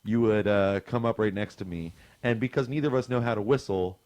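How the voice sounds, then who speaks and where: A man with a low-leaning voice co-hosts a casual podcast. He teases his co-host and swears freely. The mic sound is dry and close. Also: brisk, darkish tone, no room sound. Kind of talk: casual chat.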